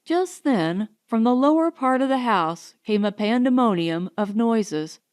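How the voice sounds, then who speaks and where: Woman audiobook narrator; unhurried, expressive, slightly raised voice. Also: fairly high pitch, smooth. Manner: measured, expressive.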